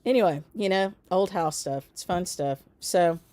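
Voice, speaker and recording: A woman's voice: fairly low pitch, normal speed, a little mellow, no room sound. A middle-aged woman, hosting a stitchery shop livestream in a chatty, rambling way and laughing often. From United States. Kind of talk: casual chat.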